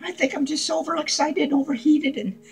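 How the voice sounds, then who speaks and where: A man's voice: very high-pitched, fairly even intonation, fast talker, gravelly, rough recording. A man playing a manic, unhinged male clown who rambles giddily and crudely in a comedic character vlog, cackling and swearing. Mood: giddy. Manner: cackling, profane, giddy rambling.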